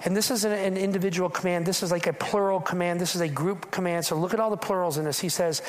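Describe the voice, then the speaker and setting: A man's voice: high-pitched, steady tone, quick pace, few pauses. A male pastor delivering a sermon to his congregation. He speaks in an easy, conversational way and keeps asking the room questions. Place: church in front of a congregation.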